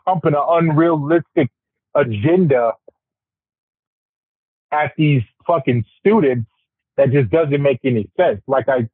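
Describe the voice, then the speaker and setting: A man on a casual podcast discussion, ranting in an animated, profane way. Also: a little high, measured pace, long pauses, no echo. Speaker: podcast panelist. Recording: tinny phone-like, dry sound.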